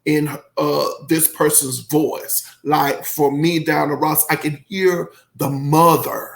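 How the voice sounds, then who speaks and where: A man's voice: on the high side, fairly even intonation, slow pace, gravelly. A man giving a casual, effusive album review, rambling and emotional, with many fillers. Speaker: music reviewer.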